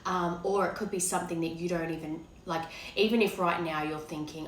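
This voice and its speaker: A woman with a hoarse, cracking voice from being unwell, giving a rambling, hesitant tarot reading to her viewers. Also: lowish voice, fairly even intonation, brisk, reverberant, a little hiss or hum, rough recording. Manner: rambling, hesitant, many fillers. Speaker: tarot card reader. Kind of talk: casual tarot reading to camera.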